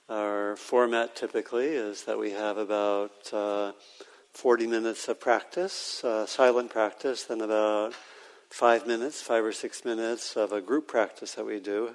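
Unhurried man guiding meditation in a hall. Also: lowish voice. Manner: unhurried, halting, with frequent pauses and fillers. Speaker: meditation teacher. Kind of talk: guided meditation instruction. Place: meditation hall with a live group. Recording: reverberant hall sound.

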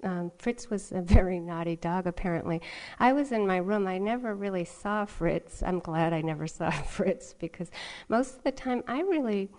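Gentle woman giving a dharma talk. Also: fairly low pitch, normal speed, a little hiss or hum. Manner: gentle, laughs often, storytelling. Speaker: meditation teacher. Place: retreat meditation hall.

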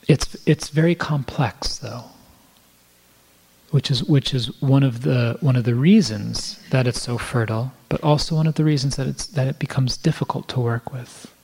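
Male meditation teacher, husky and breathy, reflective lecturing tone, talking to a room of listeners. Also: medium pitch. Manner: reflective, with frequent restarts and soft asides. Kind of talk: dharma talk to a live audience. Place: room with a live audience.

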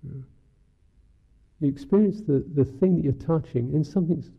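A male Buddhist monk delivers a dharma talk, musing, unhurried and wry, with lots of "you know" fillers. His husky voice has a gravelly edge and an ordinary male pitch. The recording is thin, like a phone line.

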